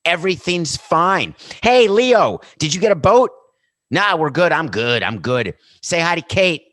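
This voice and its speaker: A smug, breezy billionaire boss stands on his sinking ship and insists all is well, as a man puts him on. The voice is raised and loud, cheerfully denying the trouble. It has lively swings in pitch, recorded dry and close. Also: measured pace, no room sound. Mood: mock-cheerful. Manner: mock-cheerful, loud and high. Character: pompous male club boss on a sinking ship.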